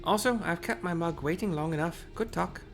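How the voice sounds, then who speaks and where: A man voicing a small, gruff female warrior who loves her drink, brash and dismissive. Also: a little high, a little fast, faint music behind, pitched above the performer's own voice. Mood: brusque.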